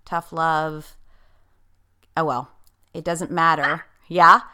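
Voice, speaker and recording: A woman's voice: sits low, steady tone, takes it slowly, sharp tone. A middle-aged woman life coach hosting a podcast interview, talking bluntly and effusively.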